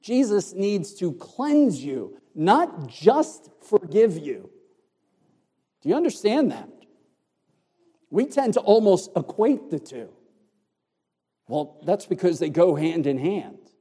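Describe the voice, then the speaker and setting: A man's voice: high voice, warm tone, husky. Man preaching in a reverberant hall. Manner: explains Greek words, emphatic and deliberate. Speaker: pastor. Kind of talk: expository sermon.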